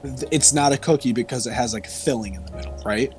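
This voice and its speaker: A man's voice: medium pitch, quick pace, a little mellow, faint music behind. A young man co-hosting a casual podcast, teasing and stubborn when he argues. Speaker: podcast co-host. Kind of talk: casual chat.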